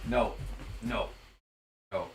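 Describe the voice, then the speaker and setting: A man hosting a live stream from home as a music producer, chatting casually in a relaxed, joking way. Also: very slow, heavy background noise. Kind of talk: casual livestream chat.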